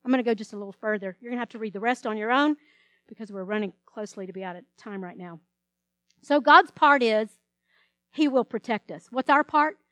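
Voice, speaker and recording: Female pastor, middle-aged, high voice, emphatic sermon delivery, dry recording. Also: a little fast, fairly bright tone, dry recording. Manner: preaching with dramatic quoted voices and emphatic scripture reading.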